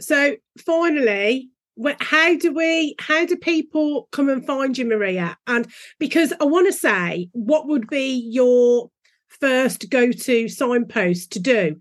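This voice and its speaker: A woman's voice: high voice, lively intonation, slow. A woman co-hosting a podcast, asking questions in a chatty way with musing restarts. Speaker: podcast co-host. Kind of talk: podcast interview.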